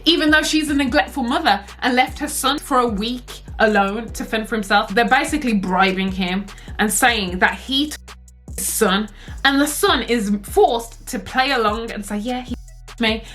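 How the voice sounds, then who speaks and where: Brief: young woman, slightly high voice, lively slangy storyteller, faint music under. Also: moderate pace. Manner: animated, slangy, swearing, acting out characters. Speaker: vlogger. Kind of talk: story time chat.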